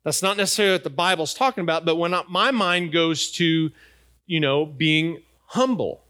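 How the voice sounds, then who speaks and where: A man's voice: a little high, normal speed, bright, forceful tone. A middle-aged man preaching a sermon in a conversational way, asking his congregation questions. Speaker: pastor.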